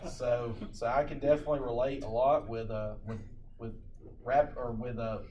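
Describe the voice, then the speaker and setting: A man telling the class a laughing personal story in a relaxed, casual way, recorded from across the room. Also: mid-range voice, moderate pace, highs cut off, slight background noise. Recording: echoey classroom from far off, with a class around him.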